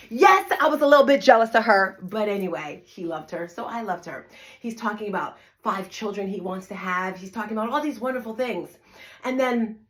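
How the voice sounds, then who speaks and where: A middle-aged woman from New Jersey, a fitness instructor, telling a personal story to an audience in a conversational, emphatic way, often checking in with "right?". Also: mid-range voice. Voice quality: emphatic, repeats phrases for effect. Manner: conversational, asks "right?" to listeners.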